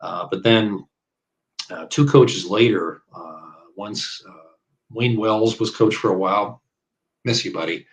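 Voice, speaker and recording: A man's voice: fairly low pitch, unhurried, poor audio. A man in his fifties from Iowa, a bowler chatting as an interview guest, rambling with many fillers and tangents. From Iowa, US Midwest. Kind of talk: casual interview chat.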